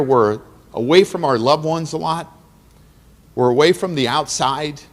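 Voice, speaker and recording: A man's voice: mid-range voice, a little slow. Earnest man giving a heartfelt speech in a hall. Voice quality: earnest, preacher-like cadence with repetitions. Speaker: guest speaker at awards dinner. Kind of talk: emotional motivational speech. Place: banquet hall. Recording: long hall reverb.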